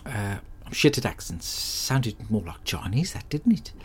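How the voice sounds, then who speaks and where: Hapless crude bloke, played by a man, deadpan rambling monologue. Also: lowish voice, unhurried, slightly rough, exaggerated voice. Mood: grumbling. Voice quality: deadpan, sweary, rambling storyteller. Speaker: comedy podcast character host. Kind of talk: scripted comic monologue.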